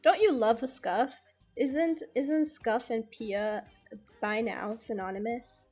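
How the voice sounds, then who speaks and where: A woman's voice: on the high side, slow pace, darkish tone, breathy edge, soft background music. A young woman streamer with a slight lisp from a retainer, chatting casually and rambling through a storytime, swearing freely.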